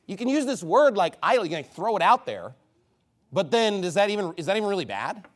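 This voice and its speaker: A man's voice: high-pitched, very animated, a little fast. A man preaching a heated, combative sermon, scornful of his opponents.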